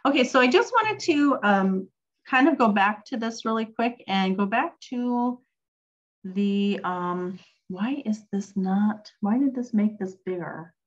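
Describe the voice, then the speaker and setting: A woman's voice: mid-range voice, lively intonation, takes it slowly, muffled recording. A woman teaching a casual online language lesson, chatty and full of ums, reading and answering questions from a chat. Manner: chatty, reads chat aloud, frequent ums. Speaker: Hebrew teacher.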